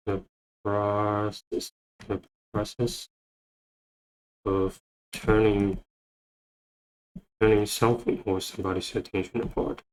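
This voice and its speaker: A man teaching English vocabulary, repeating each word and phrase slowly as he explains. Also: lowish voice, little pitch movement, poor audio. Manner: repeats words many times, thinking aloud. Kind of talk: slow, repetitive vocabulary lesson.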